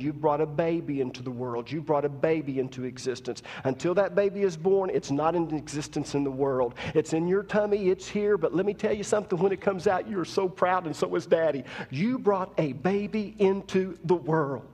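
A man's voice: fairly high pitch, moderate pace, hardly any pauses, a little mellow, big-room sound. A man preaching a sermon as pastor, talking conversationally while teaching and rising to emphatic preaching. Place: church.

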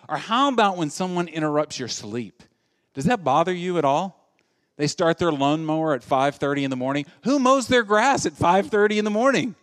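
Animated joking male pastor from the South. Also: fairly high pitch. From American South. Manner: animated, jokey, acts out quoted voices. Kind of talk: humorous sermon.

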